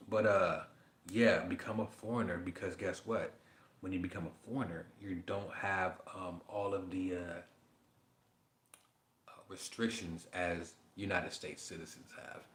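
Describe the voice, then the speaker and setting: A man with a lowish but bright, forceful voice, swearing freely as he reads aloud and riffs. His voice bounces around an echoey room. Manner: profane, animated, riffing between read passages. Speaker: podcast host. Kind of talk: casual monologue reading aloud.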